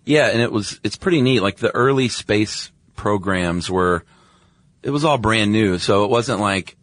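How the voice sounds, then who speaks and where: Deep-voiced man enthusing in a podcast. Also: a little slow, a bit bright, no room sound. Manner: enthusiastic, explaining step by step. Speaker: podcast co-host. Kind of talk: casual chat.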